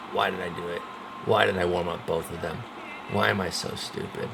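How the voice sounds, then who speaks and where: Gaming streamer, male, deep voice; relaxed play-by-play that flips into exasperated outbursts. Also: brisk, gravelly, background noise. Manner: animated, swings from calm calls to loud outbursts and groans. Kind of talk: casual play-by-play of a baseball sim.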